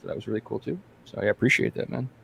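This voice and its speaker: A man's voice: on the low side, fairly even intonation, very fast, creaky, fairly bright tone, slight background noise. A man hosting a podcast in casual chat, rambling and joking with lots of fillers and restarts. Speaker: podcast host.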